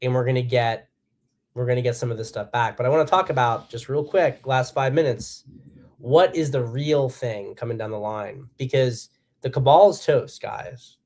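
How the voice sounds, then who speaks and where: A man's voice: mid-range voice, moderate pace, darkish tone. A man giving solo political commentary as host, blunt and profane, with emphatic bursts. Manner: acts out quotes in a harsh voice.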